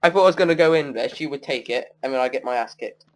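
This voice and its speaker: A man's voice: mid-range voice, fast talker, a little hiss or hum. A young man, casually commenting on his own gameplay and joking as he plays. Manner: chatty, laughs and taunts while playing.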